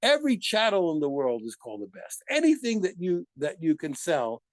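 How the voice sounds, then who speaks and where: A man teaching a daily Talmud study lesson in an animated way, asking himself rhetorical questions and answering them, and often stopping to correct himself. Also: sits high, fairly quick, no room sound. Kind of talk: daf yomi study lesson.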